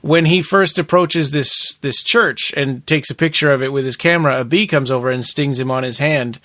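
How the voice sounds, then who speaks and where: A man co-hosting a podcast, talking in a rambling, animated way about a film. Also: medium pitch, moderate pace, no echo, clean studio sound. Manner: rambling, restarts and fillers, animated. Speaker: podcast co-host. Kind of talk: casual podcast chat.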